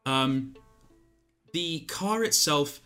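A man's voice: a little high, lively intonation, drawn-out words, pushed and bright. Man hesitantly narrating a tabletop game. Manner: hesitant, filler-heavy. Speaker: game master. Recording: faint music behind.

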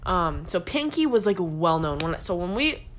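A young woman co-hosting a podcast, telling a story in casual chat, giggly and animated, often quoting others in put-on voices. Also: lowish voice, moderate pace, a little hiss or hum.

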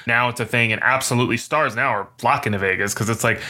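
A man co-hosting a podcast in casual chat, animated and jokey, jumping up in pitch for quoted voices. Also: quick pace, hardly any pauses. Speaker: podcast co-host.

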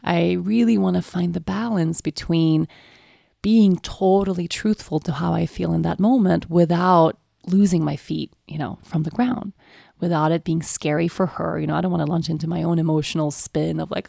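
A woman's voice: fairly low pitch, fairly even intonation, moderate pace, vocal fry, warm tone, no echo, clean studio sound. A woman in her thirties, speaking as a parent in a candid, reflective monologue full of "you know" fillers.

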